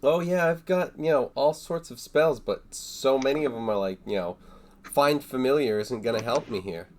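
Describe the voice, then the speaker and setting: A man's voice: medium pitch, moderate pace, slight background noise. A man playing a tabletop game, hesitant, thinking aloud over his options. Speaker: player. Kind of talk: casual tabletop play.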